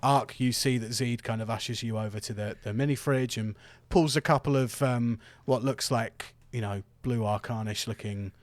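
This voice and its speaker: A man narrating as game master in a tabletop game, relaxed and halting, with many fillers. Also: medium pitch, dry recording.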